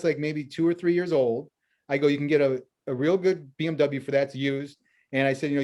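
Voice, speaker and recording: Brief: male financial planner guest, fairly high voice, spins stories and acts out both sides of the dialogue. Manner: lively anecdotes full of quoted dialogue. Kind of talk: storytelling in a conversational interview.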